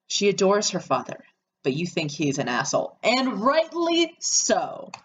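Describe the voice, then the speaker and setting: A woman's voice: fairly low pitch, a little hiss or hum. A woman reading an interactive horror story game aloud and adding chatty, sarcastic asides.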